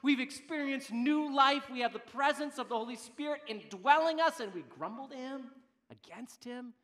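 A man in his thirties, a pastor preaching a sermon, emphatic, swinging between loud declarations and quiet, low asides. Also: moderate pace.

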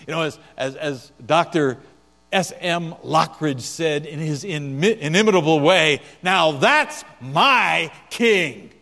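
A man preaching a sermon as pastor, swinging between soft, quiet passages and loud, emphatic ones. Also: medium pitch. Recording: long hall reverb with mains hum.

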